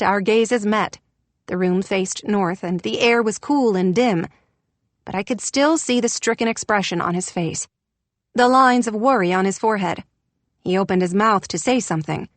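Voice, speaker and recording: A woman narrates a first-person audiobook in a middle register, neither high nor low. Her reading is expressive, rising for the quoted dialogue. The recording is close and dry, with no room sound. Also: no room sound.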